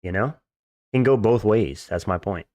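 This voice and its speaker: A man's voice: fairly low pitch, moderate pace, darkish tone, no echo. A man live-streaming fights, chatting casually, reading out chat questions and answering them bluntly with crude jokes. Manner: blunt, joking, crude and dismissive.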